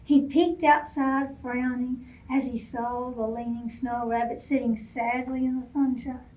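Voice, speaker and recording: Slow, high-voiced woman reading a story. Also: slight background noise. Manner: gentle, expressive, asks the kids questions. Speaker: children's librarian storyteller. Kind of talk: bedtime picture-book read-aloud. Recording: voice from a distance off mic.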